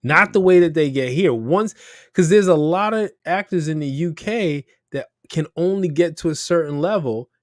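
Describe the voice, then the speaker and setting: Lively higher-voiced man hosting a chat show. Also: normal speed, no echo, studio quality. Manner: animated, emphatic, swears freely. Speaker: podcast host. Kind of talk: casual chat.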